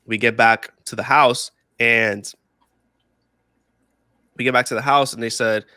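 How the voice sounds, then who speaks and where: A man's voice: medium pitch, fairly even intonation, a little slow, pushed and bright, no echo, clean studio sound. A young man casually telling a story on a podcast, laughing often, swearing freely and repeating himself. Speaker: podcast co-host.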